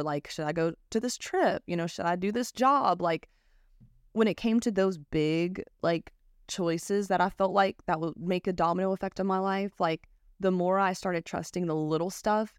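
A woman's voice: fairly low pitch, dry recording, clean studio sound. Young woman, blunt casual swearing chat. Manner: candid, swears freely, lots of fillers. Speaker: podcast host.

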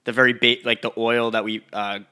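A man with a bright, ringing voice talks in a loose, rambling way. He co-hosts a casual chat and slips into crude jokes and tangents. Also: medium pitch, level tone, fairly quick, clean tone.

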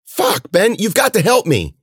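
Picture a desperate young heroine yelling at her wounded friend to get up, her voice pushed high and swinging wildly in pitch, as a man reading the story puts her on. The sound is dry and close, with no room around it. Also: wildly swooping pitch, normal speed, no echo. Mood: frantic. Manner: frantic shouting commands. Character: tough young woman fighting monsters.

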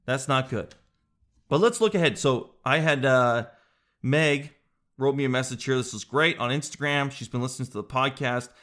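A man's voice: mid-range voice, normal speed. Rambling, joking male podcast host. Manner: rambling, joking, animated, with casual swearing. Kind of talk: casual solo podcast chat.

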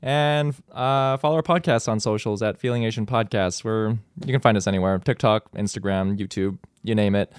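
A man's voice: lowish voice, steady tone, normal speed, hardly any pauses, clean tone, no room sound, clean studio sound. A man co-hosting a podcast, speaking earnestly and gratefully to his guests. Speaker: podcast co-host. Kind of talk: casual chat.

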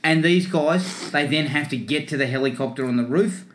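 A man, joking and swearing as he pitches story ideas in a casual film chat. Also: moderate pace, slight background noise. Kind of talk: casual podcast chat about films.

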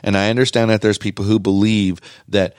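Low-voiced man in animated podcast chat. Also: fairly quick, clear, resonant tone, no echo, studio quality. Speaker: podcast co-host. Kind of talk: casual chat.

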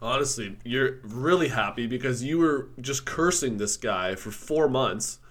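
Lively joking man talking sports. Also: mid-range voice, a little slow. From Canada. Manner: animated, joking, teasing, laughs often. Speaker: podcast co-host. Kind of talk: casual sports chat.

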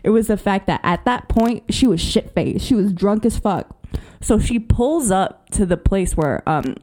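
A woman's voice: medium pitch, lively intonation, a little slow, warm tone. A woman co-hosting a podcast, retelling a film in casual slangy chat, swearing and laughing as she goes. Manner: slangy, profane, laughing storyteller. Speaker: podcast co-host.

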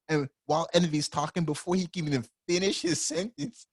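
A man casually retelling anime scenes as a podcast co-host, animated and full of "like" and "yo". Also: fairly high pitch, fast talker, few pauses, dry recording, clean studio sound. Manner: animated storyteller, heavy use of "like" and "yo".

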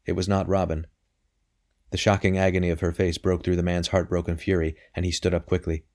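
Low-voiced guy reading an old novel out loud, steady and measured. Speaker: audiobook narrator. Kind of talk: scripted narration.

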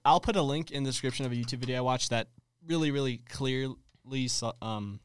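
A young male host walks his friends through a casual faith discussion, explaining points in an earnest, steady way. His voice is smooth and clear, and it sits at an ordinary middle pitch in a dry, close-miked sound. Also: fast, no room sound.

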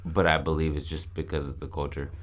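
A man co-hosting a podcast in casual chat, joking crudely and pitching ideas with restarts. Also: level tone, quick pace. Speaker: podcast co-host.

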